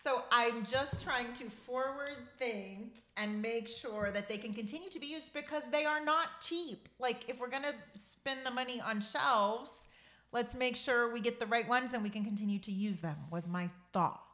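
A woman's voice: fairly high pitch, normal speed, pushed and bright. A woman co-hosting a podcast in casual chat, explaining her reasoning at length and defending herself. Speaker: podcast co-host.

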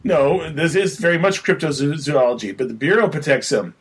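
A man on a podcast pitching a horror game scenario in casual, rambling chat with frequent restarts. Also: expressive, moderate pace, slightly rough. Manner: rambling, many restarts, chatty.

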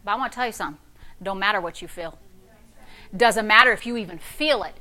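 Speaking fast in a mid-range voice, a middle-aged female pastor delivers a sermon built around a story. She's animated and full of sass, dropping to a whisper one moment and getting loud the next.

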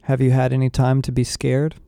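Man doing cool teen girl, soft and calm, smooth quiet voice. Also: medium pitch, a little fast, no room sound, close to an everyday voice.

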